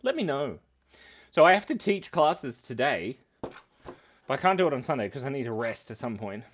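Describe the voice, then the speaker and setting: A playful man in his thirties chats on a live stream from his computer desk. His voice swoops up and down as he rambles from one joke to the next, laughing often at himself. The pitch sits in the middle for a man. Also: big pitch swings, moderate pace, slight background noise. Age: 30s. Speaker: cartoonist streaming live and reading chat. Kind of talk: casual livestream chat.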